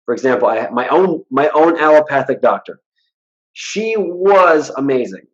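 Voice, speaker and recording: A man's voice: medium pitch, normal speed, dull audio. A man guesting in a casual interview, talking bluntly and acting out the people he quotes. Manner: blunt, animated storyteller who acts out quoted dialogue. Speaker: hypnotist guest.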